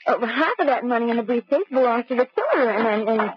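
Brief: woman as a genteel, flustered young lady, high voice, muffled old broadcast. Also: animated, quick pace, slight background noise, lightly acted. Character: flustered, prim young woman stalling gangsters. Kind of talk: 1940s radio acting.

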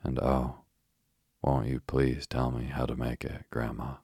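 A man's voice: rumbling low, flat delivery, measured pace, creaky, dark tone, slightly rough, dry recording, studio quality, heavily acted. A man voicing an eager, cheerful young girl in a bedtime story, polite and keen.

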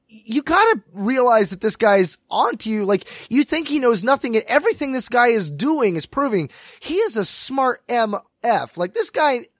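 A man co-hosting a podcast, talking in an animated, excitable way and tripping over his words. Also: very high voice, normal speed, few pauses, dry recording, studio quality. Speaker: podcast co-host. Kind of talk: casual chat and sponsor read.

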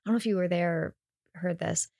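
A woman in her thirties, an actress guest in a casual interview chat, who laughs easily and thinks out loud as she talks. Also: on the low side, steady tone, fast talker, vocal fry, no echo, studio quality.

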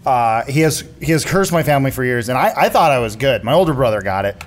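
A man speaking in character at a tabletop game, halting and conspiratorial with frequent stammers. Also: medium pitch, expressive. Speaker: player. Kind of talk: in-character tabletop role-play.

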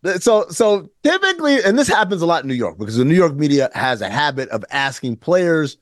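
Male co-host, lively and sarcastic, somewhat high voice, dry studio sound. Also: fairly quick, no echo. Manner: animated, sarcastic, acts out quotes in mock voices. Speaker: podcast co-host. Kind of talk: casual sports talk.

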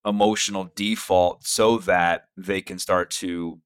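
Low smooth-voiced guy hosting a podcast, casual, lots of likes and ums. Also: fairly even intonation, slow pace. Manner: casual, uses "like" and "um" often. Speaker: podcast host. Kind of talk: interview questions.

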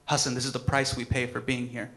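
A man putting on the voice of his stern, insistent older father, loud and slowed for emphasis. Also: mid-range voice, completely flat delivery, pitched below the performer's own voice, natural voice. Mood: calm.

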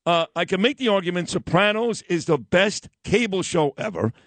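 A man's voice: sits high, lively intonation, moderate pace, no room sound. Enthusiastic male host, dry sound. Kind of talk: casual chat.

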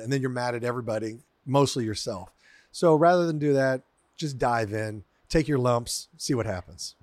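A man in his fifties, an actor and comedian, telling lively self-deprecating stories as a guest. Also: mid-range voice, normal speed, no echo. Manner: animated, self-deprecating storyteller. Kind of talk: casual storytelling in conversation.

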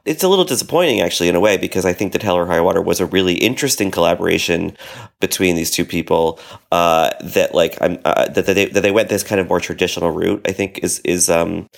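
A man with a very deep voice and a gravelly, fry-laden edge, trading casual film talk as a podcast co-host. He talks loosely, hedging and circling back with frequent restarts, and his voice sits low throughout. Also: fast talker.

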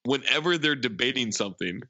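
A bright, forward-sounding man retells a comedy movie in loose, chatty fashion, full of "uh"s and "like"s. The recording is dry and a little dull, as if made close to a modest mic. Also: medium pitch, brisk, no room sound. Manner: animated retelling, frequent laughs and filler words. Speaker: podcast co-host. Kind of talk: casual movie recap chat.

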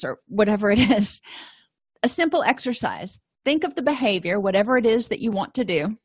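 A woman's voice: on the high side, animated, moderate pace, fairly bright tone, no echo. A woman counselor giving a conversational lecture, explaining ideas with everyday examples. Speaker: counselor and educator. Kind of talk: lecture-style teaching.

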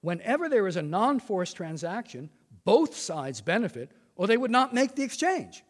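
An older man giving a formal prepared lecture, measured, reading quotations with emphasis. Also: high-pitched, sing-song. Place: lecture hall. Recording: long reverb of a lecture hall.

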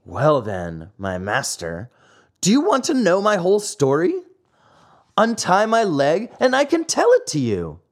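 A man voicing a lively boyish wooden puppet, telling his tale cheekily in a storybook reading. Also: a little high, measured pace, full character voice. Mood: cheeky.

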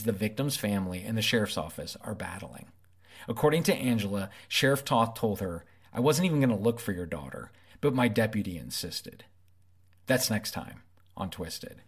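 A man, a podcast host, reading a scripted narration in a measured, announcer-like way. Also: lowish voice.

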